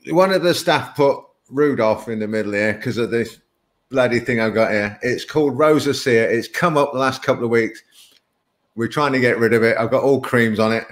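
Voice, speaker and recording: A man with a medium-pitched voice hosts a live webinar at a moderate pace, keeping it casual and chatty. He rambles through stories and laughs often.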